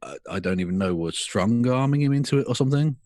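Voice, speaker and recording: A man's voice: medium pitch, lively intonation, fast, darkish tone, dry recording, clean studio sound. A man co-hosting a casual podcast chat, sarcastic and mocking, swearing freely. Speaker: podcast co-host.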